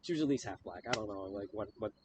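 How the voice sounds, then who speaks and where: A man's voice: lowish voice, lively intonation, fast, noisy background. A man hosting a podcast in casual chat, rambling with lots of filler words and laughing often. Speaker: podcast host.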